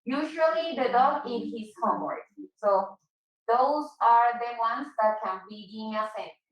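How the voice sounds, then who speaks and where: Woman, English teacher, patient, high voice, echoey room. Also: measured pace, recorded from a distance. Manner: patient, switches to Spanish to explain. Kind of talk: online English class.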